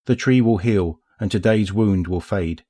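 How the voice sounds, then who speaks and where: A man with a low voice reads a story aloud as scripted narration. His delivery is measured and even, suited to an audiobook. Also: no room sound, studio quality. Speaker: audiobook reader.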